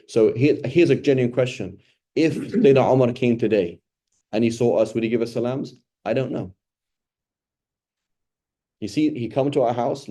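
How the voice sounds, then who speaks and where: Low, very mellow male religious teacher. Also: vocal fry. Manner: conversational, asks rhetorical questions, often adds "right?". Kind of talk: informal Quran study talk.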